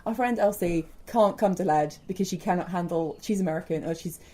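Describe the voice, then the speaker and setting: A woman from Wales with a Welsh accent, a larp organiser talking in casual chat, chatty and quick to laugh. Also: fairly low pitch, dark tone.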